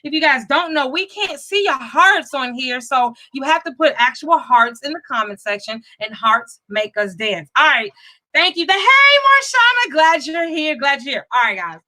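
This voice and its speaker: High bright-voiced energetic woman host. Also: normal speed, poor audio. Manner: energetic, chatty, greets viewers by name. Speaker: host of a live money talk show. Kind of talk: live-stream show talk.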